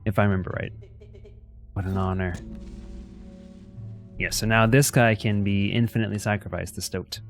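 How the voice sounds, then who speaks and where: Low-voiced man casually streaming a game. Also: steady tone, normal speed, vocal fry, long pauses. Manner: easygoing, thinks aloud and greets chat. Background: faint music.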